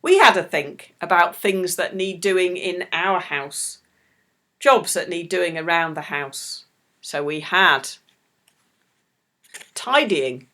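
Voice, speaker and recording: A middle-aged woman leading a children's church talk, speaking slowly and gently to small children. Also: fairly low pitch. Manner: slow, animated, talks warmly to small children.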